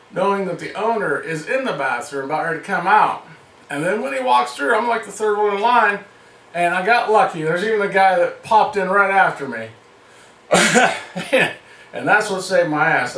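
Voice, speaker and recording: A man's voice: sits high, pushed and bright, reverberant, distant mic, rough recording. A man telling a comic story in a loose, profane way, often laughing.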